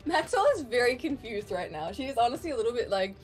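A woman's voice: a little high, big pitch swings, fast, faint music behind. A woman player in a tabletop role-playing game, talking playfully and laughing. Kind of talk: tabletop role-play chat.

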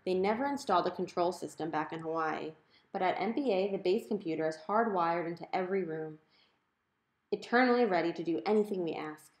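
A woman with a fairly low voice reads a novel aloud, telling the story in a clear, conversational way. The recording carries a noticeable roomy echo. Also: brisk. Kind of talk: audiobook narration.

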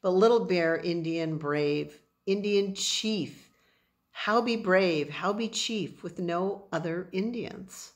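A woman's voice: fairly low pitch, slow pace. A woman voicing a tiny, proud man who speaks in clipped, broken phrases, in a storybook read-aloud.

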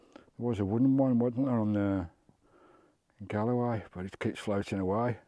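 A man's voice: fairly low pitch, steady tone, moderate pace, dark tone, dry recording. Breathless British man narrating a walk. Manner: chatty, exclaims at scenery. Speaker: vlogger. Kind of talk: walking travel vlog commentary. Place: outdoors on a coast.

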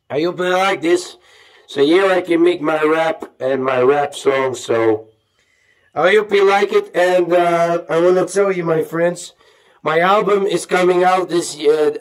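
A man from Afghanistan, an amateur rapper, talks in a casual, rambling way, excited and full of hype, as he shows off something new on his vlog. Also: high-pitched.

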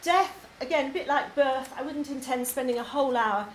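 An English woman, a poetry tutor, introduces her poetry course to a group in a labour club hall, chatty and enthusiastic with frequent ums. Her voice is high and she talks at normal speed. The hall is echoey, with faint noise in the recording.

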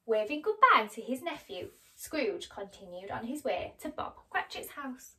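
A woman storyteller reading a children's story aloud in a gentle, expressive way. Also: fairly high pitch, measured pace, far from the mic, poor audio. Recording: voice a little off-mic.

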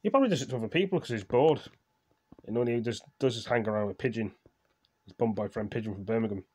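A man vlogging casually, reading viewer comments aloud in a slow, halting way with fillers, his voice trailing off quietly. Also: on the low side, slight background noise. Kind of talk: casual chat.

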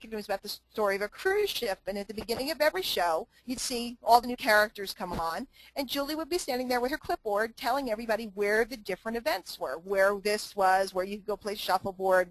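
A woman's voice: fairly high pitch, dry recording, rough recording. A woman giving a motivational talk to a live online group, emphatic and repetitive, with chatty asides to her listeners. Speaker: motivational speaker and trainer.

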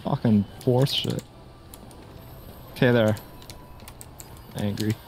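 A man's voice: fairly low pitch, fairly even intonation, a little mellow, a little hiss or hum. Man calling raid mechanics in bursts. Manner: calls out mechanics in quick repeated bursts, swears, laughs. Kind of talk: casual voice chat during a game raid.

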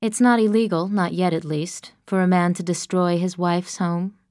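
A woman reading the part of a shaken, bitter poet in an audiobook, speaking in a low, weary, sour way. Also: fairly even intonation, moderate pace, a little mellow, no room sound, clean studio sound, natural voice.

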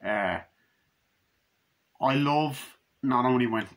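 A man's voice: medium pitch, takes it slowly, a bit bright. A young man giving a rambling, casual film review, swearing freely and acting out scenes in voices.

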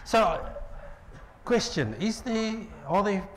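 South african preacher guy in a church, kinda high voice, jumps all over the place, joking with the crowd, slight background hiss. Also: expressive, slow. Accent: South African English. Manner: playful, jokes with the congregation. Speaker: pastor. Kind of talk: lively sermon.

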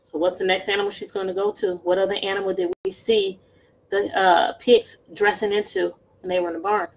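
A woman teacher reading a picture book aloud to children, pausing to ask them questions. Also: medium pitch, gravelly, poor audio. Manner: slow, expressive, asks children questions. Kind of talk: storybook read-aloud lesson.

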